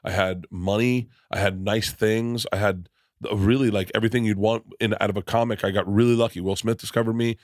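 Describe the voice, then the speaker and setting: In a dry, clean studio recording, a podcast host and stand-up comedian with a voice on the low side talks fairly quickly in a steady tone. His storytelling is casual and rambling, with restarted sentences, frequent swearing, and acted-out characters.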